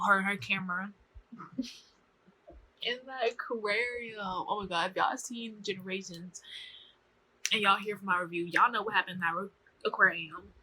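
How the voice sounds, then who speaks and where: A young woman reviews a TV show to camera in a chatty, animated, slang-filled recap, acting out the characters' lines. Her medium-pitched voice is husky, and the recording is rough.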